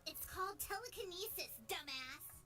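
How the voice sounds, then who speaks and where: A woman's voice: a little high, big pitch swings, fast, pushed and bright. A woman voicing a fiery, tough teenage girl in a game, brash and scolding. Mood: fierce.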